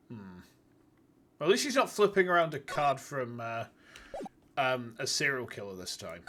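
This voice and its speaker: A hoarse man streaming a game and chatting casually, rambling and joking at his own expense with some swearing. His pitch moves all over the place, and faint noise and clicks sit under the recording. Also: sing-song, moderate pace, pauses often. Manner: rambling, self-deprecating, swearing. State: hoarse, wrecked voice. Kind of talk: casual gameplay chat.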